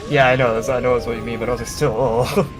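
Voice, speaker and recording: A man's voice: mid-range voice, fairly even intonation, quick pace, music in the background. A young Irish man chatting casually on a game stream, crude and joking. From Ireland. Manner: crude, joking, often laughing. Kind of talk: casual chat while gaming.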